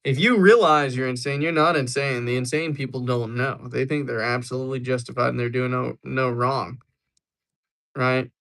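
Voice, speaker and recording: A man's voice: mid-range voice, steady tone, moderate pace, a bit bright. A young man hosting a livestream, chatting casually and joking as he answers viewers. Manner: joking, rambling replies to chat. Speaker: livestream host.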